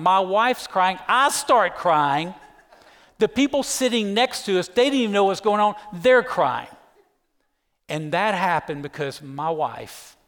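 A man's voice: a little high, a bit bright. A middle-aged man, preaching a sermon as pastor and telling a personal story with emphatic energy. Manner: emphatic storyteller, keeps saying "listen". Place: church sanctuary. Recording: echoey church hall.

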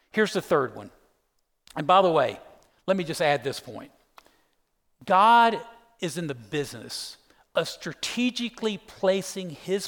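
Middle-aged pastor with a slightly high voice. He preaches emphatically in an echoey church hall. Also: fairly bright tone. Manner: emphatic storyteller, keeps saying "listen". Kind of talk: sermon with a personal story. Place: church sanctuary.

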